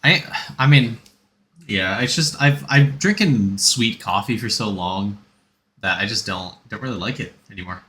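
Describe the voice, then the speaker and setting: A man's voice: on the low side, moderate pace, fairly bright tone. A man streaming a game, chatting casually and rambling as he answers chat and gives game tips.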